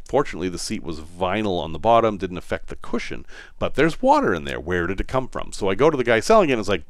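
Podcast host, man, Boston accent; low voice that swings widely, dry close sound, wry and self-deprecating. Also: no room sound. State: in pain. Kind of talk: casual storytelling monologue.

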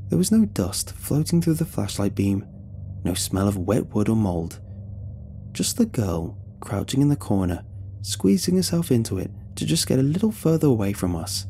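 A man narrating a scripted horror story in a tense, measured way. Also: fairly low pitch, creaky, dark tone, slight background noise.

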